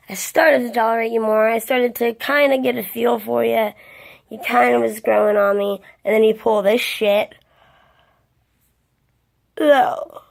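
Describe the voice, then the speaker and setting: A woman in her twenties rants straight to camera, blunt and full of swearing. Her voice sits a little high with a gravelly fry running through it. She sounds worn out and keeps yawning between points. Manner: blunt and profane, venting with heavy swearing. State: tired, yawning. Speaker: vlogger. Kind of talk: ranting vlog monologue.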